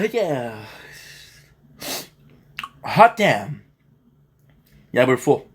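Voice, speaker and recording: A man's voice: medium pitch, big pitch swings, very slow, slight background noise. Tired, joking male gaming streamer. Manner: laid-back, joking banter with chat. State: tired and feeling a bit sick. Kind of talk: casual live-stream chat and game commentary.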